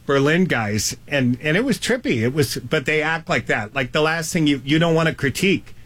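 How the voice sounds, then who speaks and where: Animated laughing man telling stories. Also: on the high side, normal speed. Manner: animated, laughing storyteller doing quoted voices. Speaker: guest musician. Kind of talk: casual storytelling chat.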